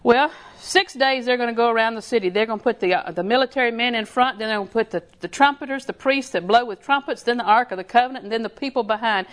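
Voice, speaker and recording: A woman's voice: a little high, fast, hardly any pauses. A middle-aged woman, preaching a sermon in a folksy, storytelling way with lots of repetition.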